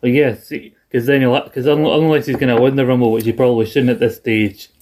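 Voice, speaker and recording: Scottish man, young adult, casual podcast chat, rambling, frequent restarts, average pitch. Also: fairly even intonation, brisk, a little mellow. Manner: rambling, restarts often, laughs along, swears freely. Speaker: podcast co-host.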